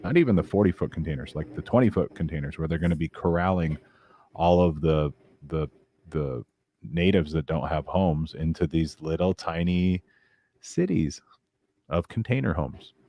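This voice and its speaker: Deep voiced guy rambling on a podcast, lots of restarts, dry close sound. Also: normal speed, mellow, no echo. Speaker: podcast guest. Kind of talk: casual podcast chat.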